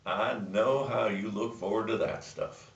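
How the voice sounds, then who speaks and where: A man's voice: on the low side, unhurried. A man hosting a casual chat show, telling a joke and rambling with many restarts and fillers. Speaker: show host. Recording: roomy, distant, muffled sound.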